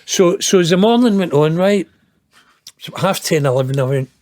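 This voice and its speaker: Scottish male, 50s, interview guest, slightly high voice, rambling profane storyteller, dry close sound. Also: lively intonation, normal speed, darkish tone, no room sound. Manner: rambling, profane, laughs at his own tale, self-mocking.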